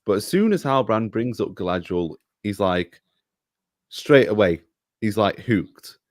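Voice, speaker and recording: A man's voice: on the low side, animated, measured pace, darkish tone, no echo, clean studio sound. A man in a casual review chat, critical and exasperated. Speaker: co-host reviewer.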